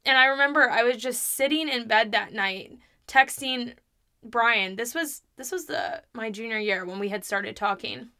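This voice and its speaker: Bright-voiced young woman telling her story. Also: fairly high pitch, normal speed. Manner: open, confessional, chatty with many "like"s; laughs between remarks. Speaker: podcast host. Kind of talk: candid personal storytelling.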